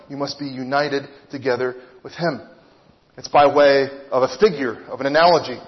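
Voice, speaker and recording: A man's voice: medium pitch, fairly even intonation, normal speed, long reverb tail, lo-fi sound. A man preaching a sermon, earnest and teaching, often posing rhetorical questions to his listeners.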